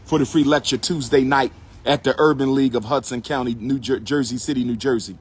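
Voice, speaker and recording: A man with a medium-pitched, slightly rough voice speaks briskly in a steady tone. He's a livestream host lecturing his viewers in a preachy, repetitive way and calling on them to respond.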